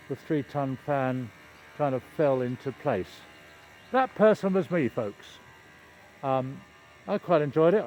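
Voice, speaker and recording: A man's voice: mid-range voice, darkish tone. Older male vlogger, mid-range voice, rambling wry outdoor chat, faint ambient hum. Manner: meandering, hesitant, wry self-deprecating humour. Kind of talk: rambling casual vlog chat. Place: outdoors by a construction site and road.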